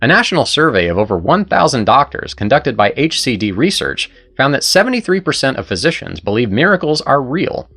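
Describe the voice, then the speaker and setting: A man's voice: mid-range voice, fairly bright tone. A man hosting and narrating a scripted story in an earnest, persuasive way. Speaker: host and narrator.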